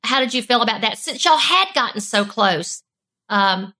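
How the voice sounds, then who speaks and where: A woman's voice: a little high, lively intonation, normal speed, sharp tone, low-quality recording. A woman co-host of a casual interview, politely asking long, careful questions.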